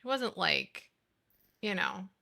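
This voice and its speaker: A woman's voice: medium pitch, sing-song, slow pace, gravelly, pushed and bright. A woman in her thirties chatting casually and animatedly with her live chat, giggling and gushing as she talks. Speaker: streamer.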